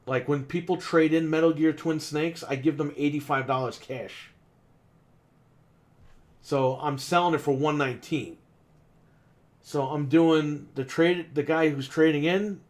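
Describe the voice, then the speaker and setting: A man with a slightly high voice rants in a casual podcast chat. He is exasperated and swears freely. He acts out each side of an argument with customers at his shop. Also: unhurried. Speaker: podcast co-host and game store owner. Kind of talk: casual ranting story.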